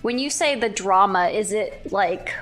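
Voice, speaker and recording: A woman's voice: medium pitch, animated, measured pace, a bit bright. A woman hosting a casual stream chat, giggly and chatty, often trailing off and restarting her sentences. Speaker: streamer host.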